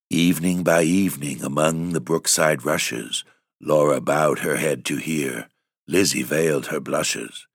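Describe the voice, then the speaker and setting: A man's voice: extremely low pitch, fairly bright tone, no room sound, studio quality. A man hosting and reading a long poem aloud in an ominous, theatrical way. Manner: ominous, drawn-out theatrical delivery. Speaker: narrator and host.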